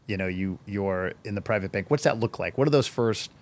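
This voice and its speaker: A man hosting an interview, giving short affirmations and asking relaxed follow-up questions. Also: on the low side, a little fast. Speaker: podcast host. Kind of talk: casual interview.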